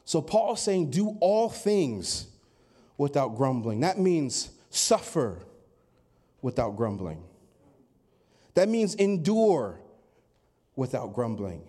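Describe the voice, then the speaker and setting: A man preaching a Sunday sermon, acting out complaining voices and rising to loud, emphatic peaks. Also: medium pitch, very animated, takes it slowly, pauses often. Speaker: pastor.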